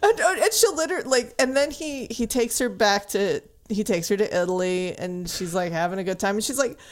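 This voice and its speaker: A woman co-hosting a podcast in casual chat, recapping a romance novel and acting out the characters with big laughs. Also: brisk. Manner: animated, acts out characters with big pitch jumps and laughter. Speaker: podcast co-host.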